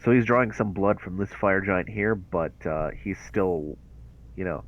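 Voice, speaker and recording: A man running a tabletop game as game master, narrating results in an unhurried, casual way. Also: deep voice, muffled recording, slight background noise.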